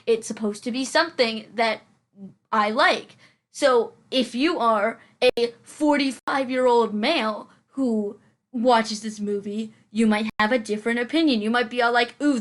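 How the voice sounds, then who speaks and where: Chatty, rambling eighteen-year-old girl. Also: on the high side. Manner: chatty and rambling, laughs often, many "like"s. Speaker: vlogger reacting to a movie. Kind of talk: casual chat.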